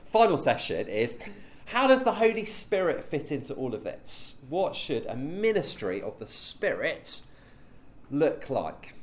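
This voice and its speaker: Lively, chatty male preacher. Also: mid-range voice. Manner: conversational, with frequent ums and rhetorical questions. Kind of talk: teaching session with a group.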